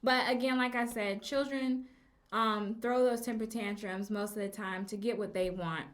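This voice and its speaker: A woman's voice: medium pitch, steady tone, moderate pace. A young woman hosting a casual advice podcast as a teacher, chatting and acting out phrases emphatically.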